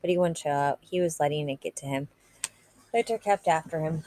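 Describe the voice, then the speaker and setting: A woman reading a novel aloud in a steady, plain narrating manner. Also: low voice, brisk. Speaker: reader.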